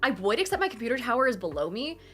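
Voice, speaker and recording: A young woman hosting a charity live stream, reading out donations and chatting with bubbly, gushing excitement from her home computer. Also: fairly high pitch, rapid-fire. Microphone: desktop streaming mic.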